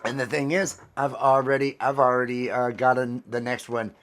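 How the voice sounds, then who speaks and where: A man's voice: medium pitch, level tone, moderate pace, fairly bright tone. A man hosting a casual livestream vlog, rambling cheerfully and repeating his phrases as he chats with viewers. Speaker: vlog host.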